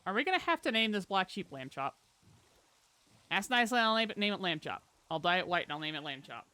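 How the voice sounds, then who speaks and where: A live streamer chatting casually and playfully over gameplay, talking to viewers and a pet and breaking into loud exclamations. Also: medium pitch, sing-song, quick pace, clear, resonant tone.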